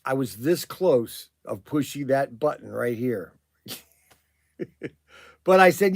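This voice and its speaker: A man hosting a casual livestream, rambling and animated with many restarts and fillers, talking up his shop plans. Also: medium pitch, takes it slowly, gravelly, pauses often, no echo, clean studio sound. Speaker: livestream host and shop owner.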